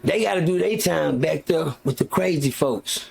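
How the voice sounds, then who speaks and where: This live-stream host is a man whose voice runs a bit high and animated, with normal speed and a gravelly, breathy edge. He rants casually in a heated, profane, meandering way, full of restarts and fillers.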